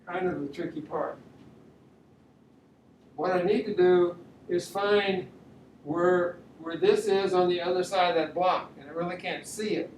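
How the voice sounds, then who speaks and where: A man's voice: sits high, unhurried, long pauses, a little mellow. Art teacher, male, talks his steps aloud mid-sketch; echoey room, distant mic. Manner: thinks aloud step by step while drawing. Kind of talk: drawing demonstration lesson. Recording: roomy echo, mic at a distance, faint room noise.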